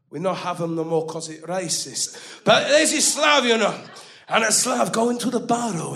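A man as a rowdy high-pitched story beast. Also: gravelly, a bit bright, full character voice. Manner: broken English, rowdy, swearing, sound effects. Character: boisterous male story beast retelling an epic. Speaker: comedy performer. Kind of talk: live comic storytelling.

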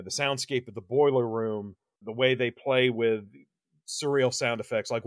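A man's voice: medium pitch, a bit bright, no room sound. A man co-hosting a podcast, chatting casually about a horror movie, rambling with lots of restarts and swearing. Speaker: podcast co-host. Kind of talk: casual movie review chat.

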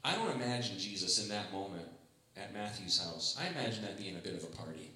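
A male pastor delivers a sermon in a relaxed, joking, conversational way, slipping into little acted-out voices. His tone is bright and forward over a slightly low pitch. The room rings with heavy echo. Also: fast talker. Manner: conversational, humorous, acts out quoted voices. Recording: echoey room.

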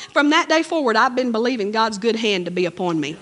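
A woman preaching a sermon and reading scripture aloud, emphatic and conversational, with her voice jumping up high on key phrases. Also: animated, quick pace, fairly bright tone. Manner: conversational asides, 'you know'.

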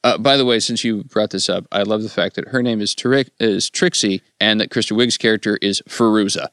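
A man's voice: fairly low pitch, brisk, smooth, no room sound, studio quality. A man co-hosting a casual comedy podcast, talking loosely about sketch writing and laughing often. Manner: relaxed, laughs often, slips into silly voices.

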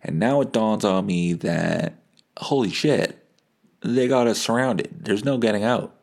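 A man's voice: fairly low pitch, unhurried, creaky. A man hosting a podcast, telling a profane, laughing story from his bed and acting out the people in it. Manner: profane, laughing, animated anecdote with voice impressions. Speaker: podcast host. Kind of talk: casual storytelling.

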